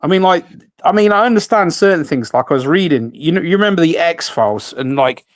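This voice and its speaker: A man's voice: fairly high pitch, animated, brisk, dry recording. A man hosting a casual radio chat, rambling with many restarts and fillers. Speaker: host.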